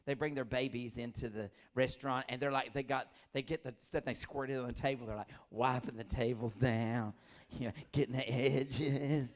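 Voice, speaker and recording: Middle-aged male stand-up comic, lively storyteller who acts out characters. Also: medium pitch, moderate pace. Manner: animated storytelling, acts out voices, laughs often. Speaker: stand-up comedian. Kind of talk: stand-up comedy set.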